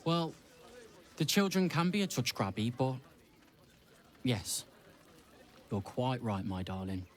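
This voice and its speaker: A man's voice: medium pitch, very animated, takes it slowly, pauses often. A man voicing a fussy, devoted dog owner in a video game, speaking with prim, precise diction. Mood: doting.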